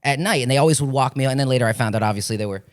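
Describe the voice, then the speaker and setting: A man's voice: medium pitch, rapid-fire. A young man from Florida, an actor, telling rambling, profane stories in a casual chat and acting out the voices of the people in them. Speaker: podcast guest, actor.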